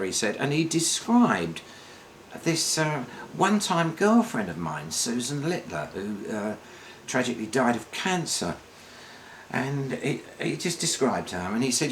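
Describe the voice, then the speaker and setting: An older man telling a rambling one-man comedy monologue on stage, halting and restarting often. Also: medium pitch, sing-song, slight background noise. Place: theatre stage.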